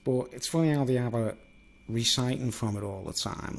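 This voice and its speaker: A man's voice: medium pitch, normal speed, gravelly, a little hiss or hum. A man delivering a digressive, conspiratorial solo monologue, constantly seeking agreement. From England. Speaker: vlogger.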